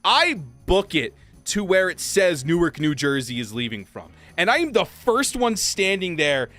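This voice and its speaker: A young man livestreaming, casually telling a story while gaming, acting out quotes in high voices. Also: very animated, normal speed, pushed and bright. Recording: faint game music behind.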